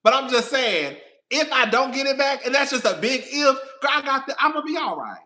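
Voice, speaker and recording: A man's voice: very high-pitched, animated, a little fast, pushed and bright. A man hosting a casual live stream, talking straight to his viewers in a sassy, profane, long-winded way. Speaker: host of a reality TV commentary channel.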